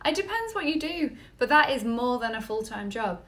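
A woman co-hosting a podcast, teasing and quick to cut in. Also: fairly high pitch, very animated, fairly bright tone, echoey room. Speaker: podcast co-host. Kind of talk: casual chat.

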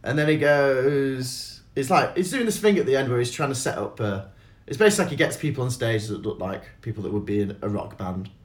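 A man telling stories in a casual chat, animated, swearing freely and acting out other people's voices. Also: medium pitch, brisk.

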